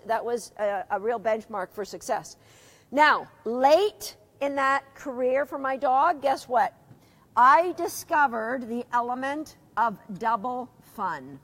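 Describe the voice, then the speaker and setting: A woman's voice: high voice, fairly bright tone. A middle-aged woman teaching a live dog agility seminar, chatty, asking her students questions and reading out their comments.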